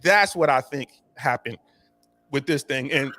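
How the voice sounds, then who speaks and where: A man talking as a podcast guest in casual chat. He is animated and slangy and often repeats words as he goes. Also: medium pitch, a little slow, dry recording.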